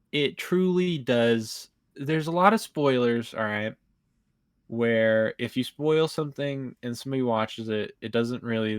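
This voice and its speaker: A man talking loosely about a video game, with lots of "like" as he circles his point. His voice sits at an ordinary pitch and sounds close and dry, with no room behind it. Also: smooth, no echo. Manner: rambling, fills with "like". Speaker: co-host. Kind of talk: casual gaming chat.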